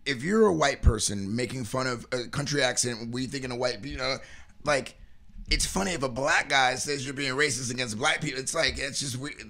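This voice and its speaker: A man co-hosting a casual talk show, joking and excitable, often laughing as he talks. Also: medium pitch, a little fast. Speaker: show co-host. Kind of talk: casual radio show chat.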